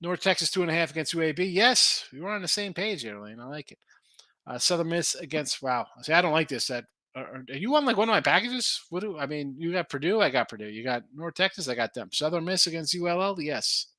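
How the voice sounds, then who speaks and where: A man hosting a sports betting show, chatting casually and thinking aloud over lines and viewer picks with an animated, rambling delivery. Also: on the high side, fairly quick, dry recording. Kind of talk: casual live-stream chat reading viewer picks.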